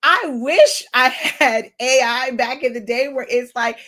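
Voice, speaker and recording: A woman in her thirties, an online design instructor, giving a casual, chatty lesson, talking fast with laughs between phrases. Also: high-pitched, sharp tone. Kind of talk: casual teaching talk.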